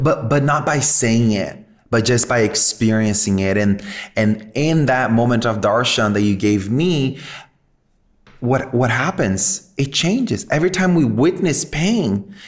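A man's voice: medium pitch, lively intonation, a little slow. A man speaking as a podcast guest in an earnest, reflective way, emotional and close to tears. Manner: reflective, earnest, spiritual wording. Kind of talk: heartfelt conversation.

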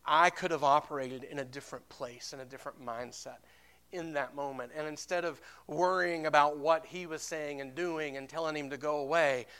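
Impassioned male pastor with a bright voice. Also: fairly high pitch, fairly even intonation, normal speed, clear, resonant tone. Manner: impassioned, rising to loud emphatic peaks, asks congregation for amens; storytelling with repeated restarts. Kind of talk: sermon.

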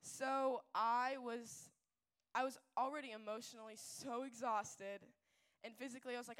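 A woman's voice: fairly high pitch, unhurried, clean tone. Chatty young woman giving a faith talk. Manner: chatty, filler-heavy, animated storytelling. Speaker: youth speaker.

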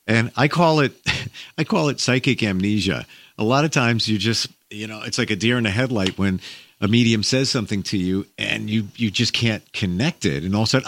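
A man hosting an interview, telling his own stories in a chatty, lively way. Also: fairly low pitch, moderate pace. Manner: chatty, lively storytelling with laughs. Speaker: interview host. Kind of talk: casual interview talk.

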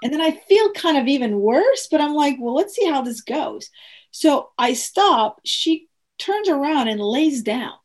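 A woman with a somewhat high voice tells her own story earnestly. She is animated and acts out the lines of the people in it. She often stops and restarts her sentences. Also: unhurried. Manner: earnest, animated retelling with quoted dialogue; frequent restarts and fillers. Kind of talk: personal storytelling.

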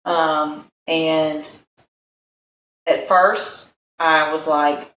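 A woman pilot telling a flying story in a casual interview, animated and laughing often, with many fillers. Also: deep voice, a little slow, a crowd in the background. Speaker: guest pilot. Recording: echoey room with faint ambience.

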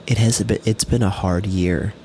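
A young man co-hosting a casual podcast, gentle and reassuring, with loose slangy talk. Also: on the low side, steady tone, moderate pace, a little hiss or hum. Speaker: podcast co-host.

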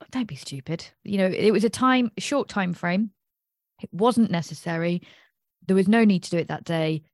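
A woman's voice: lowish voice, no echo, clean studio sound. A woman with a British accent, an astrologer hosting a casual livestream, rambling and thinking aloud as she talks. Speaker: astrologer host.

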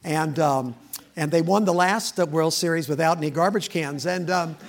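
A man's voice: fairly high pitch, moderate pace, gravelly, a little hiss or hum. A middle-aged man, preaching as a guest and joking with the congregation. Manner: folksy, joking, laughing between lines. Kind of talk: sermon with joking opening remarks.

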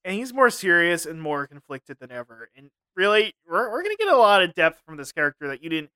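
A man's voice: high voice, very animated, a little fast, bright, forceful tone, clean tone, no room sound. A man co-hosting a comedy podcast, laughing often and ranting in mock seriousness. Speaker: podcast co-host. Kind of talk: casual comedy chat.

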